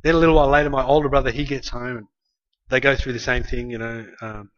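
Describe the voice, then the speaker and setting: A man's voice: medium pitch, flat delivery, fast, a bit bright, slight background noise. Australian male preacher telling a story mid-sermon, rambling and chatty, midrange voice, muffled lo-fi recording. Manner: rambling, conversational, many restarts.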